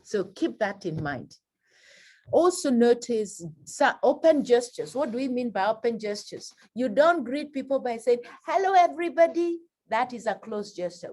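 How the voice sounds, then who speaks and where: A woman teaching presentation skills in a lively workshop, acting out examples with big swings in her voice. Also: moderate pace. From Kenya. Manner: animated, acts out examples with big pitch swings.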